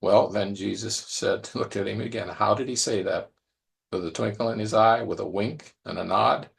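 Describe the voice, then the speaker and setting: A man with a low voice and a gravelly edge gives a sermon in a conversational tone. He reflects aloud and often repeats his phrases. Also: moderate pace. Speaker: preacher.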